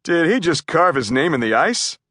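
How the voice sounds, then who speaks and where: A woman voicing a brisk, kind male skating coach in a children's audiobook, with a firm, hearty delivery. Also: sits low, very animated, a bit bright, no echo, studio quality, full character voice.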